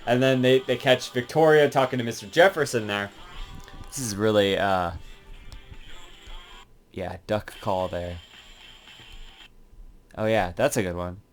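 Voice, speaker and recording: A man's voice: lowish voice, measured pace, long pauses, faint music behind, low-quality recording. A man casually talking through a video game, rambling with lots of fillers and swearing. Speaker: game reviewer. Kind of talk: casual game review commentary.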